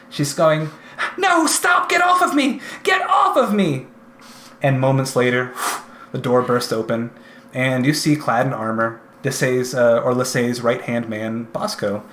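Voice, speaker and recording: A man narrates a tabletop game as its game master, in a relaxed, halting manner that pauses on fillers. His pitch sits at a middling height for a man. The recording carries a roomy echo with a faint hiss behind it.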